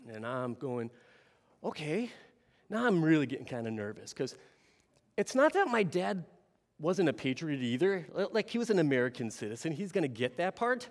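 A man telling a story to an audience in an animated way, often turning to ask the listeners questions. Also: on the high side, moderate pace, big-room sound. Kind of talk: storytelling talk.

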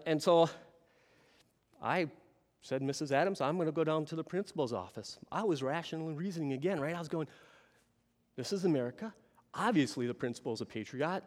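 A man telling a story to an audience in an animated way, often turning to ask the listeners questions. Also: fairly high pitch, in a large hall. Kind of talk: storytelling talk.

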